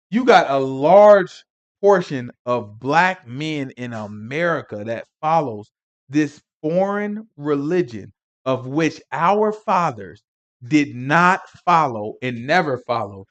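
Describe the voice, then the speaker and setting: A man teaching a Sabbath Bible lesson in an animated, rambling way, laughing often and breaking into emphatic asides. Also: on the high side.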